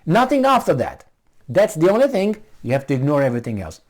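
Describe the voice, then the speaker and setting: A man's voice: on the high side, wildly swooping pitch, fast, darkish tone. A man giving a heated, sarcastic running commentary, mocking and arguing with the people he talks about. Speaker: political commentator. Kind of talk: ranting video commentary.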